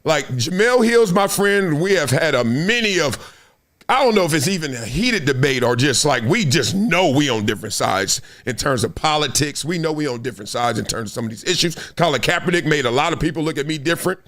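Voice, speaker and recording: A man's voice: fairly high pitch, animated, a little fast, fairly bright tone. A middle-aged man, a former football player, hosting a solo sports commentary show in an emphatic, conversational way, often tossing in "right?".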